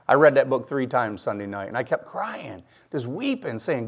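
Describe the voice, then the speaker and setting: A man's voice: medium pitch, very animated, normal speed, creaky, hardly any pauses, breathy edge. Middle-aged man from Michigan, guest sharing a faith testimony, earnest storyteller, mid-range voice. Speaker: guest giving his testimony.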